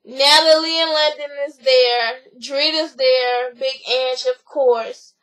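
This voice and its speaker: A woman's voice: high voice, fairly even intonation, a bit bright, rough recording. A woman casually retelling drama between friends, rambling and swearing freely with lots of fillers. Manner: rambling, profane, fast storytelling with many fillers. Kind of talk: casual gossip recap.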